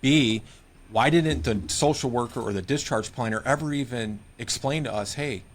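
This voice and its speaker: An earnest man from Michigan, talking as a guest on a care podcast. His voice sits at a middle pitch, and he tells stories with quoted advice in a conversational way. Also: moderate pace. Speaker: podcast guest, home care case manager. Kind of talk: conversational interview.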